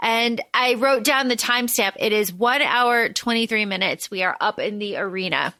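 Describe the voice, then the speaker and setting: A woman's voice: medium pitch, normal speed, pushed and bright, dry recording. A woman co-hosting a podcast, recapping a movie in casual, slangy, playful chat. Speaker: podcast co-host.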